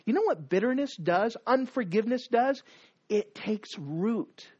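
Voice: medium pitch, expressive, unhurried, a little mellow, husky, muffled recording. A preacher giving a sermon, exhorting the listeners with repeated commands and rhetorical questions.

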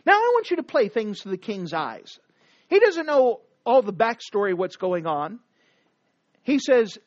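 A preacher giving an animated sermon, reading scripture and retelling it. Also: male voice, sits high, a little slow. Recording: dull dry lo-fi recording.

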